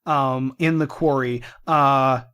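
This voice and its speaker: A man co-hosting a game playthrough, thinking aloud in casual chat with halting restarts. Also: mid-range voice, fairly even intonation, fairly bright tone, clean tone. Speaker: let's play co-host. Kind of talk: casual let's play discussion.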